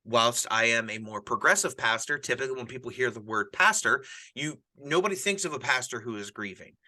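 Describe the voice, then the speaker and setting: A middle-aged pastor and podcast host, widowed and grieving, talks earnestly about grief in a casual chat. He rambles and keeps restarting his sentences. His medium-pitched voice is animated, sharp and fairly quick.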